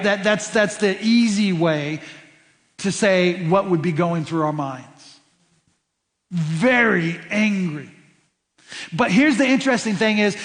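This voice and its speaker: A man's voice: sits high, big-room sound. A man preaching a sermon as pastor, stressing points by repeating words and restarting phrases. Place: church sanctuary.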